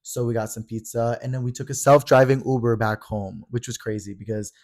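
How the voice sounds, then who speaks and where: A young man co-hosting a podcast, talking quickly in casual chat with lots of fillers and playful mock drama. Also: medium pitch, fairly even intonation, a little mellow. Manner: fast, chatty, filler-heavy, mock-dramatic. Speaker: podcast co-host. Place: Los Angeles.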